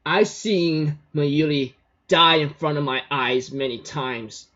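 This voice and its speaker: A man voicing a desperate, stubborn young male scientist in a rushed, defiant way, on a dull lo-fi recording. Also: fairly high pitch, fairly even intonation, sharp tone.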